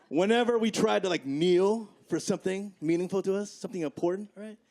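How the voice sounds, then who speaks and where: A man's voice: sits high, normal speed, vocal fry, darkish tone. A man in his forties from the Midwest doing a stand-up set, chatty and conversational, tagging lines with "right?" and "okay?". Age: 40s. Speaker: stand-up comedian. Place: comedy club stage. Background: audience laughter.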